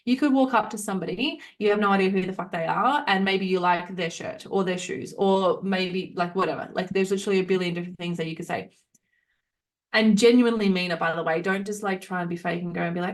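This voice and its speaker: A woman's voice: medium pitch, fairly quick. A young adult woman hosting a solo motivational podcast, talking frankly and swearing freely as she acts out the voices in people's heads. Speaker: podcast host.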